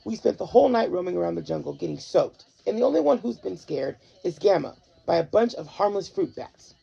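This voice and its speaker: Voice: medium pitch, expressive, fairly quick, vocal fry, warm tone, slightly rough, lo-fi sound, full character voice. A reader voicing a complaining, nervous male dog. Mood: grumbling. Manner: complaining, whiny. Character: grumbling, anxious male dog.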